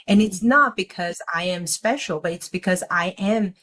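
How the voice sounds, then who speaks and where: Woman channeling in a slow, halting voice. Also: fairly low pitch, a bit bright, rough recording. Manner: slow, halting, speaks as a collective "we". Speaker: guest channeler. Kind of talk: spiritual channeling talk.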